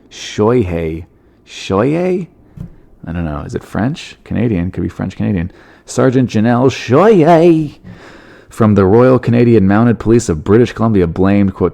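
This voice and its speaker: A man's voice: fairly low pitch, expressive, moderate pace, vocal fry, warm tone. A man hosting a comedy podcast, reading odd news stories with wry joking asides. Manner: wry, joking asides, laughs at his own bits. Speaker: podcast host.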